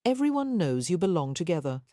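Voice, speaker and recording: A gentle, tactful young Victorian lady with a soothing way of speaking, read by a woman. The voice is low and warm, recorded close and dry. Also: sing-song, a little fast, no room sound.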